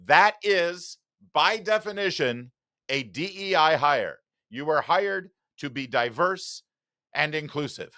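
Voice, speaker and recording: A man's voice: a little high, lively intonation, slow pace, bright, forceful tone, no echo, clean studio sound. Sarcastic man hosting political commentary. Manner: sarcastic, mocking asides. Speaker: talk show host.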